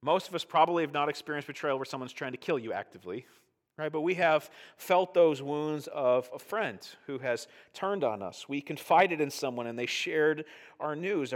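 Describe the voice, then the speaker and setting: A middle-aged male pastor gives a conversational, animated sermon, often checking in with "right?". His voice is a little high.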